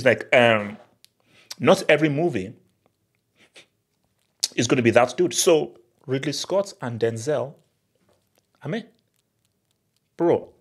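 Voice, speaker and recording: Young guy vlogging about movies, husky voice, hyped and slangy, keeps repeating stuff. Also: mid-range voice. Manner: excitable and slangy, repeats himself, laughs often. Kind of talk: casual chat to camera.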